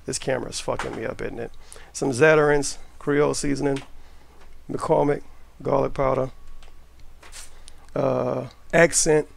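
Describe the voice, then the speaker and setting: A man's voice: medium pitch, fairly even intonation, a little slow, vocal fry, pauses often, a little hiss or hum. A man, chatting offhand and with profanity as he cooks in his home kitchen for a vlog. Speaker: cooking vlogger. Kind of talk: casual cooking vlog. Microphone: camera mic while cooking.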